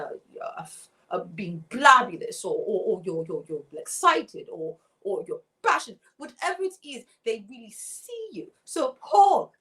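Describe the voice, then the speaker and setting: A woman runs an online room with exaggerated, theatrical delivery, drawing out words with breathy emphasis. Her voice sits high and leaps all over the place. The tone is satirical and over the top. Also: bright, forceful tone, poor audio. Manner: theatrical, breathy drawn-out emphasis, swooping intonation. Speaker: host of an online audio chat room.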